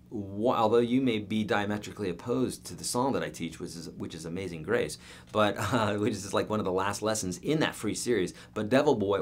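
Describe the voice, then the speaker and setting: Male guitar teacher, middle-aged, low-ish voice, casual and upbeat live-lesson delivery. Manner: upbeat, chatty, talks directly to viewers by name. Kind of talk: live-streamed guitar lesson answering viewer questions.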